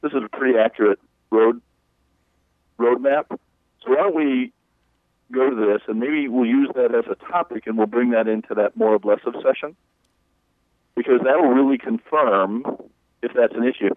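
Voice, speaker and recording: A folksy man explaining coaching work down a thin, tinny phone line, sounding dry and close. He talks in a relaxed, conversational way, slipping into little acted-out quotes. His pitch sits at an ordinary middle height. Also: moderate pace, long pauses, no room sound. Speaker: leadership coach. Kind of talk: explaining in an interview.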